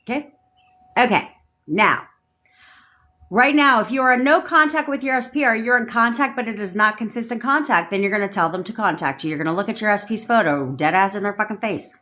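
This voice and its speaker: A woman's voice: medium pitch, lively intonation, a little fast, sharp tone. A woman manifestation coach on a livestream, ranting bluntly with lots of swearing and repeating commanding affirmations.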